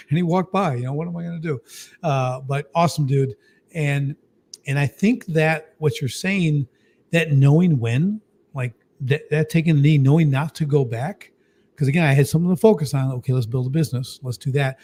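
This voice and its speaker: Middle-aged male guest, lively storyteller, loose, filler-heavy chat. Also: a little high, normal speed. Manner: animated, lots of "you know" and "like". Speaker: guest, business coach. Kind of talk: storytelling interview talk.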